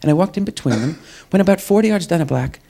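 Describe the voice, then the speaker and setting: A man's voice: fairly high pitch, expressive, quick pace, creaky, dark tone, a little hiss or hum. A young man doing a stand-up comedy set on a club stage, wry and mocking, slipping into quoted voices.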